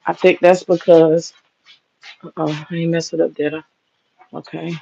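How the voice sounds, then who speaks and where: A woman livestreaming from her kitchen, talking in a blunt, profane, rambling way. Her voice has a gravelly edge. The audio sounds a little dull and lo-fi, like a phone stream. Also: fairly low pitch, level tone, measured pace, pauses often, warm tone. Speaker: livestreaming vlogger. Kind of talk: casual livestream chat. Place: home kitchen, indoors.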